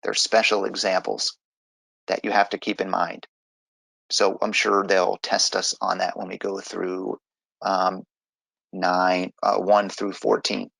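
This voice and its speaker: Low gravelly man teaching grammar. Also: monotone, slow, a bit bright, dry recording, low-quality recording. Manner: patient, explains step by step. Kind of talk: online grammar lesson.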